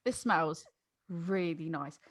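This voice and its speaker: A woman from Boston hosting a casual podcast chat, lively and quick to laugh. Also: lowish voice, dry recording, clean studio sound. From Boston, USA. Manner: lively, laughing, animated impressions. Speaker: podcast host.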